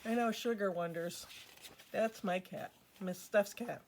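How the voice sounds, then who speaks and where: A woman's voice: mid-range voice, measured pace, a little hiss or hum. Chatty woman reading to kids. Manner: chatty, with friendly asides to the listeners. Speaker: children's storytime reader. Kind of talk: reading a picture book aloud to kids.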